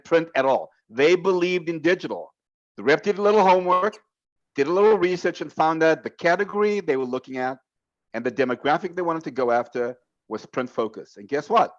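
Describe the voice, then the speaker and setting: A man with a slightly raised pitch gives a motivational talk to sales reps on a team call. He works through numbered points, speaking emphatically and addressing the listeners directly. The audio is somewhat dull and lo-fi, as on a video call. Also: a bit bright. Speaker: sales coach.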